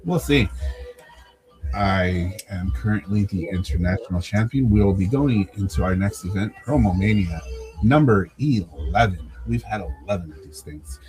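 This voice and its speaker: A man with a fairly low voice talks in a relaxed, rambling podcast manner. He leans on fillers and restarts as he plugs his projects, dropping a joking swear now and then. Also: moderate pace, soft background music, poor audio. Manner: laid-back, plugging projects, many fillers, swears jokingly. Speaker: podcast co-host and promo wrestler. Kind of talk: casual podcast chat.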